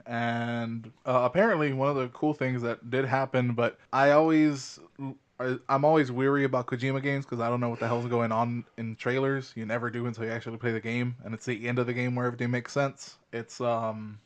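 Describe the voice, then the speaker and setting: A man's voice: mid-range voice, level tone, fairly quick. A man co-hosting a podcast, speculating in a rambling, casual way with many fillers. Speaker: podcast co-host. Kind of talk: casual chat.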